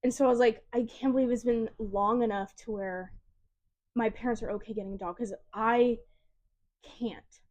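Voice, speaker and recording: A young woman co-hosting a podcast, chatting casually and telling animated stories with lots of laughter. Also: on the high side, moderate pace, highs cut off. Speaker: podcast co-host. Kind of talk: casual chat.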